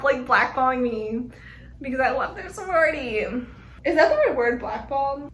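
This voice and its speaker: A young woman vlogs to camera, rambling casually with lots of fillers and frank asides, and a small room lends a slight echo. Her high-pitched, fairly bright voice has lively intonation and a normal speed.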